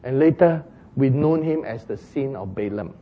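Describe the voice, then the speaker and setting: Male preacher, husky, high and swooping, slow, playful storyteller; muffled lo-fi sound. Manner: animated, laughing, acts out the donkey and Balaam in exclaiming voices. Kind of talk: sermon storytelling.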